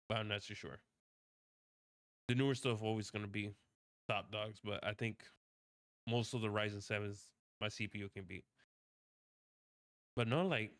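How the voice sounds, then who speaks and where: A man with a fairly low voice talks off the cuff as a streamer, rambling and circling back over the same point. He swears freely and trips over his own restarts. The sound is dry and close. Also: fairly bright tone, dry recording. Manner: rambling, repeats himself, frequent swearing and restarts. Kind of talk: casual rambling rant while drawing.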